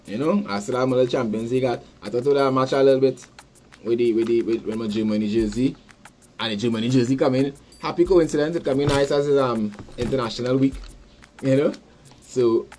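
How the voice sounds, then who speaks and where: A man with a Trinidadian accent hosting a live sports podcast, rambling casually, repeating words and giving shout-outs to listeners. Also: mid-range voice, a little hiss or hum. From Trinidad and Tobago. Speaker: podcast host.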